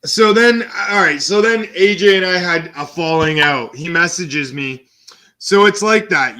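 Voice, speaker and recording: A young man streaming, telling a story and reading out text messages in a casual, profane, animated way. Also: high voice, measured pace. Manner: animated and profane, switching between quoting and commenting.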